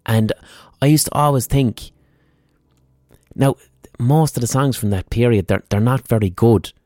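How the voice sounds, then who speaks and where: A man's voice: mid-range voice, a little slow, warm tone, no room sound. Male podcast host, casual, profane, dry close mic. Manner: swearing, exasperated rambling. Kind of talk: casual monologue on music history.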